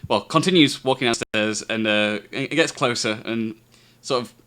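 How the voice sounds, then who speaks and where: Stammering game master, bright voice. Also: male voice, medium pitch, moderate pace, clean tone. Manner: stammering, chuckling, frequent restarts. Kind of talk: narrating a tabletop game.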